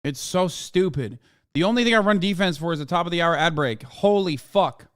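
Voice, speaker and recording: A man streaming, reacting to a video with a profane, sarcastic, animated rant. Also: fairly high pitch, a little fast, clean tone.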